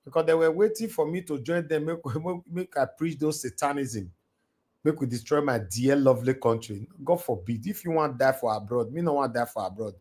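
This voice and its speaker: Speaking fairly quickly in a darkish, mid-range voice, a man hosts a home livestream and preaches fervently to his audience. His Nigerian Pidgin English accent comes through, and he shifts into Pidgin during the monologue on a home streaming mic.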